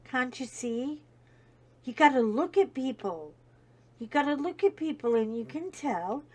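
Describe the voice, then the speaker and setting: A woman voicing her compassionate Irish mother, gentle and reassuring. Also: sits high, lively intonation, unhurried. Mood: earnest.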